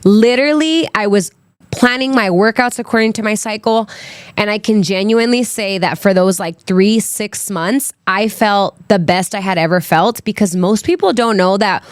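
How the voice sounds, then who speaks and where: This podcast host, a young adult woman, shares a personal story in casual solo form, peppering it with "like" and "um." Her mid-range voice is clear and resonant at a moderate pace. The studio sound is clean and dry.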